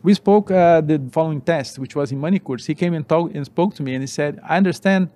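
Man, 40s, animated storyteller, halting English, slightly higher voice. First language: Portuguese. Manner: animated, halting non-native English with restarts. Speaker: former racing driver, guest. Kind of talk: interview storytelling.

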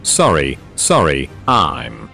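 A man's voice: a bass voice, wildly swooping pitch, takes it slowly, gravelly, pushed and bright, faint music behind, voice pushed down, exaggerated voice. A synthetic male voice reading the lines of a worried, tearful young woman without changing voice. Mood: upset.

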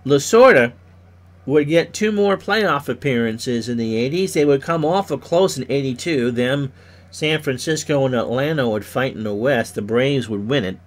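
A man doing solo play-by-play for a simulated baseball game. He sounds stuffy from sneezing, gets loud on big hits and drops low for side remarks. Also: normal speed. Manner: rises loudly on hits, drops low for asides.

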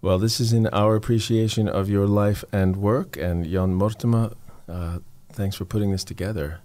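A man hosting a radio show, introducing his guest in a relaxed and friendly way, with some fillers. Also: lowish voice, moderate pace. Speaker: radio host. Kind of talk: casual radio chat. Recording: radio studio.

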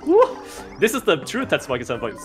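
A man's voice: fairly high pitch, fairly quick, music in the background. A man streaming a video game with a friend, chatting casually, laughing often and restarting his sentences. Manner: laughing, excitable, frequent restarts. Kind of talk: casual gaming chat.

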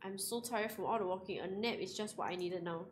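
A woman giving casual game commentary, excitable and giggly, speaking English with non-native grammar. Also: mid-range voice, brisk. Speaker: gaming YouTuber. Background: faint game music.

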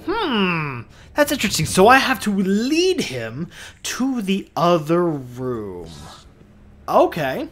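A man's voice: high-pitched, wildly swooping pitch, takes it slowly, fairly bright tone. Tired, rambling man muttering over gameplay. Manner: rambling, muttering to himself, frequent restarts. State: tired, yawning. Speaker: let's play host. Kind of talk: casual gameplay commentary.

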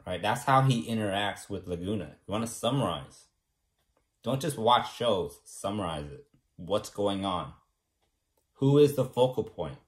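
A man's voice: fairly low pitch, animated, a little slow. A young man from California talking casually to the camera, rambling and self-assured and often tagging his points with a question. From California, USA. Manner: rambling and self-assured, keeps asking "right?". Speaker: vlogger.

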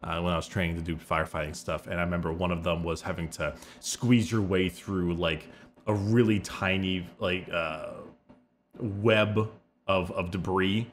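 A man co-hosting a podcast, telling stories in a halting way with many fillers. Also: low voice, fairly even intonation. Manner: hesitant, many fillers and restarts while storytelling. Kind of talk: casual podcast chat.

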